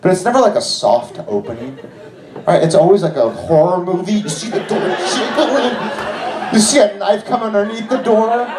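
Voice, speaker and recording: A man performing a stand-up comedy set on a theater stage, rambling and animated, checking in with "right?" as he goes. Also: sits high, normal speed, very noisy. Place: theater stage with live audience. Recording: echoey theater with crowd laughter.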